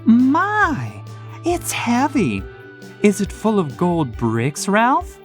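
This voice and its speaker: A narrator voicing a lively young woman, teasing and then pleading, in an audiobook story. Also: medium pitch, drawn-out words, soft background music, voice pushed up, full character voice. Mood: playful. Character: young woman engaged to the hero, playful. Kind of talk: audiobook character voice.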